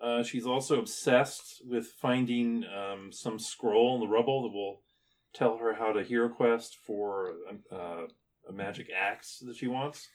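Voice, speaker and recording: A man narrating as game master in a tabletop game, describing scenes with pauses and ums. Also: medium pitch.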